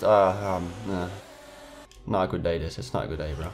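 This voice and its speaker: A man's voice: low voice, moderate pace, vocal fry, a little hiss or hum. A man giving casual gameplay commentary, frustrated, swearing and trash-talking his rivals. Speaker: gamer.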